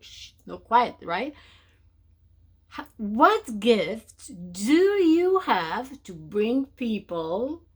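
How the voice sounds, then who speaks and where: A woman hosting a spiritual talk show, speaking in an animated way to her viewers and often calling them darling. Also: medium pitch. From from outside North America. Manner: animated, mocking voices of naysayers, calls listener darling. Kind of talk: motivational talk to camera.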